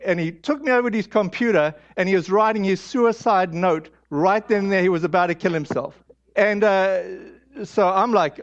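Halting, high-voiced man preaching. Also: lo-fi sound. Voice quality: halting, frequent fillers and restarts. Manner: candid, self-deprecating. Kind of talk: storytelling sermon.

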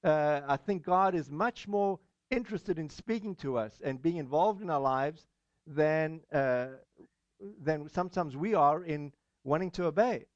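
A pastor giving a sermon, measured and encouraging, pausing often with "uh". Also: male voice, a little high, no room sound, lo-fi sound. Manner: measured, many "uh" fillers, encouraging.

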